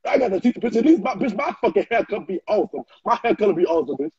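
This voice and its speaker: High lively man, flamboyant shouting rant, husky voice, muffled dry lo-fi recording. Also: racing, dry recording. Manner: loud, flamboyant trash talk with frequent shouting. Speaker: social media personality. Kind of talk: ranting reaction video.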